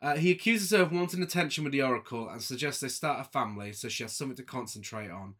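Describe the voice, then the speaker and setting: A man's voice: medium pitch, fast talker, a bit bright. A man casually recapping a film with a co-host, joking, laughing often and acting out lines. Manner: jokey, laughs often, camp asides, acts out quotes. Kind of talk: casual chat.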